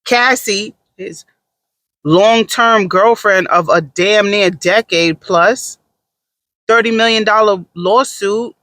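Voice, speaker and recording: A man doing sassy, animated gossip commentary in a casual vlog, with dramatic asides. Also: high-pitched, dry recording. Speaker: vlogger.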